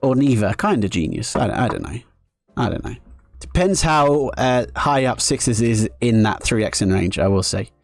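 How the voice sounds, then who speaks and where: A man's voice: mid-range voice, expressive, moderate pace, creaky, no room sound, faint music behind. A man commentating his own live poker play on stream, joking sarcastically at his own expense between strategy talk. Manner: self-mocking, sarcastic joking.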